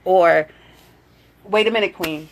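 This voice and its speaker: A woman's voice: on the low side, takes it slowly. Chatty motherly woman on a live stream. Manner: chatty, reads out viewer comments and greets them warmly; motherly, coaching tone. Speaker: livestream host. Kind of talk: casual live video chat.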